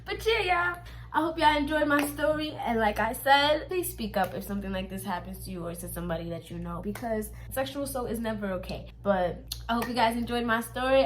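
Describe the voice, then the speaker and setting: High-voiced fast-talking woman telling a story. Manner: blunt, profane, emphatic, talks straight to viewers. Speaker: storytime vlogger. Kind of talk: casual storytelling to camera.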